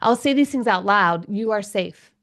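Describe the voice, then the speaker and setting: A woman's voice: mid-range voice, animated, normal speed. A woman in her forties, a parenting coach and podcast host, talking enthusiastically in an interview and laughing often. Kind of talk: conversational interview.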